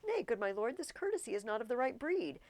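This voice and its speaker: A formal, pressing male courtier read by a woman in a stiff verse style. The voice sits a little high and carries a gravelly texture. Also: very animated, fast, darkish tone.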